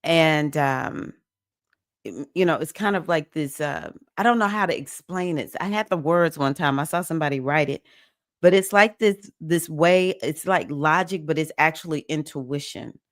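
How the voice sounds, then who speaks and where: A woman's voice: deep voice, expressive, moderate pace, no echo, clean studio sound. A woman hosting a casual livestream, chatty and emotional as she greets viewers by name and talks through the week's astrology. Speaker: livestream host, astrology reader.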